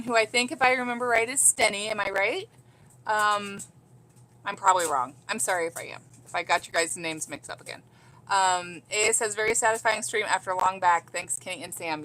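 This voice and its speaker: Giddy, bright-voiced woman streamer. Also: medium pitch, normal speed, slight background noise, rough recording. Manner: giddy, laughing, reads comments aloud. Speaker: vlogger reading live chat. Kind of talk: casual livestream chat. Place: home.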